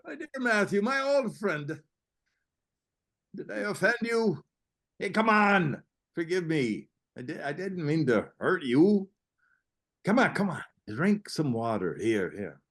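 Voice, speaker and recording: An exasperated yet kindly older host, read by an actor, slow-spoken with lively rises and falls in pitch. He hesitates and trips over his words, half scolding and half comforting, in a stage-play reading. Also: full character voice. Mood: consoling. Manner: hesitant, stumbling, awkwardly consoling. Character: exasperated, good-natured older male host.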